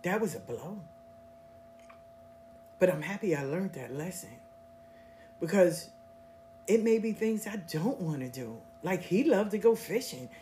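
A woman hosting a podcast, telling personal stories in a casual, blunt, animated way and swearing freely. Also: on the low side, unhurried, pauses often, slight background noise. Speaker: podcast host. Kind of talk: casual storytelling monologue.

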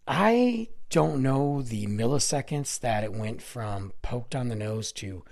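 A man in his forties hosting a podcast and telling a personal story. He is animated and acts out each voice, his pitch rising and falling widely across a mid-range voice. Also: slow, creaky. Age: 40s. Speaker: podcast host.

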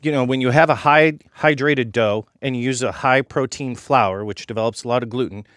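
A man's voice: mid-range voice, fairly quick, fairly bright tone, no echo. A middle-aged man, a chef guest in a radio studio, explaining his cooking with confidence and often checking in with "right?". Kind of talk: cooking demo chat.

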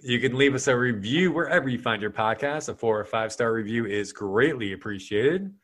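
A man's voice: mid-range voice, expressive, a little fast, fairly bright tone. A man hosting a comedy podcast, with a mid-range voice and a casual, joking delivery. He slips into playful mock-announcer plugs and sign-offs.

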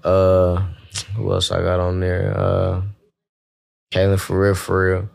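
Man, very deep voice, laid-back, repeats himself, podcast guest. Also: completely flat delivery, gravelly. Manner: laid-back, repeats phrases, spells slowly. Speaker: guest rapper. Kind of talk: casual podcast chat.

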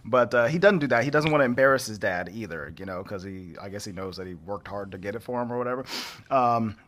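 A man hosting a podcast, recapping a film in an animated, chatty way and laughing often. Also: lowish voice, fast talker. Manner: animated storyteller, laughs often, acts out characters. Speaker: podcast host. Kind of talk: casual chat recapping a film.

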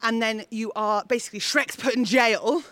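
A woman in her thirties chatting casually as a comedian guest, telling excitable, giggly stories. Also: on the high side, moderate pace, no room sound. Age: 30s. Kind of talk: casual chat.

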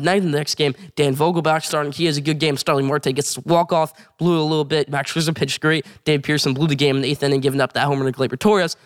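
A man hosts a casual sports show and talks quickly in a slightly high voice. He rattles through scores and trades with eager, excitable energy. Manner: excited, rapid play-by-play recaps.

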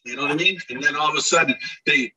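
A man with a very bright, somewhat husky voice tells his stories in a lively way and often restarts his sentences. He sounds a little distant from the mic, and his pitch sits a bit high. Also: rapid-fire. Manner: animated, acts out shouted quotes, many restarts. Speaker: guest, former ballplayer telling stories. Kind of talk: casual storytelling interview.

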